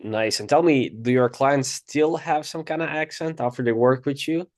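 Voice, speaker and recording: A man's voice: medium pitch, moderate pace, no room sound, studio quality. A man hosting an interview, asking short questions and reacting briefly to the answers.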